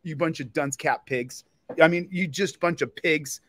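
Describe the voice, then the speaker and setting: A man's voice: a little high, unhurried, fairly bright tone, dry recording, studio quality. Fired-up man ranting on a livestream. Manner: fired up, repetitive, confrontational. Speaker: livestream host and police auditor. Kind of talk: angry livestream rant.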